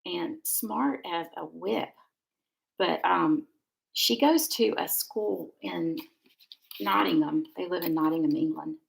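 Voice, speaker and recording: Middle-aged woman, lowish gravelly voice, chatty rambling craft-demo host. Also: slow, rough recording. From Georgia, USA. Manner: chatty, rambling, warm asides. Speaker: card-making crafter. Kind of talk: casual live-stream crafting demo.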